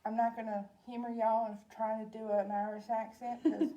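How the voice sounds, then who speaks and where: A woman in her forties with a Southern drawl hosts a relaxed cooking demonstration. Her voice sits high and mellow. She talks in a chatty, homey way and calls her viewers y'all. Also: normal speed, lo-fi sound. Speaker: library program host.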